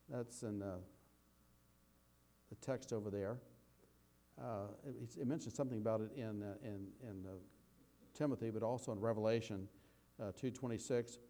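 A man giving a conversational Bible teaching, rambling with restarts and slowing down to read scripture aloud. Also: fairly low pitch, dark tone. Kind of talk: sermon.

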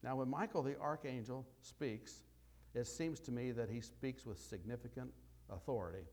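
Man preaching with loud dramatic bursts. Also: mid-range voice, moderate pace. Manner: dramatic swings between loud emphatic and quiet asides. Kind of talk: sermon.

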